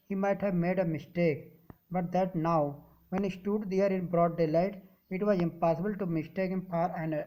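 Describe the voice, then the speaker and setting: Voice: medium pitch, dark tone, poor audio. A teacher with an Indian English accent explaining a story line by line, reading a passage and then restating it in simple words.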